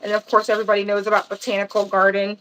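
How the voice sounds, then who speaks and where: A woman's voice: mid-range voice, completely flat delivery, very fast, fairly bright tone, clear, resonant tone. A woman from Panama hosting a gardening channel, chatting casually on a livestream and answering viewer comments as she goes.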